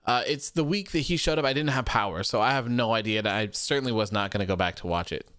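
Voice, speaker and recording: A man's voice: mid-range voice, quick pace, a bit bright, no room sound. A man hosting a live stream, talking bluntly and opinionatedly into a studio microphone and reading viewer comments aloud. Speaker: host of a wrestling show. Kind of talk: live-stream casual chat.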